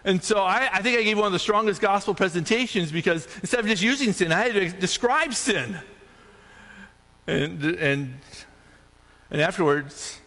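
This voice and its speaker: A male pastor delivering an animated sermon, his voice climbing high on points of emphasis. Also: normal speed. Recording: long hall reverb.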